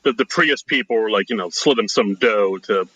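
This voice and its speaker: A man co-hosting a podcast, recapping movie plot in a relaxed, loose way with many fillers. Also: fairly low pitch, normal speed, husky, dry recording, poor audio. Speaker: podcast co-host. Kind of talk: casual movie discussion.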